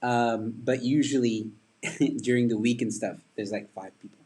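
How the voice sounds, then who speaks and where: Husky guy rambling on his livestream, reading comments, chatty. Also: mid-range voice, fairly even intonation, moderate pace, mellow, rough recording. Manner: rambling, chatty, reads and answers viewer comments. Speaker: livestream host and stand-up comedian. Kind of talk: casual livestream chat.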